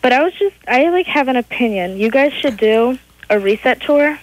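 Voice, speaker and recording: A sixteen-year-old girl calling a radio show, gushing excitedly about a band. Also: sits high, normal speed, muffled recording, slight background noise. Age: teens. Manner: excited, gushing fan talk. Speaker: caller. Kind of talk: phone-in call.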